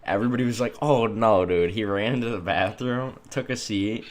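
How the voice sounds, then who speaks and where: A young man telling school stories in casual chat, excitable and laughing, with "dude" at the end of lines. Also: lowish voice, brisk, background noise.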